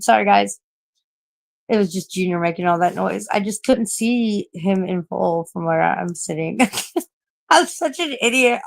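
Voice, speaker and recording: A woman's voice: mid-range voice, lively intonation, measured pace, vocal fry. A woman in her forties chatting casually on a late-night live stream, rambling, swearing a lot and laughing at herself. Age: 40s.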